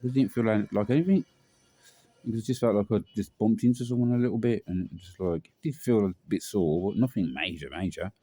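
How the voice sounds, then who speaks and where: A man's voice: fairly low pitch, fairly quick, dark tone, dry recording. A young man telling a personal story in a rambling, slangy way with lots of fillers. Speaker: vlogger.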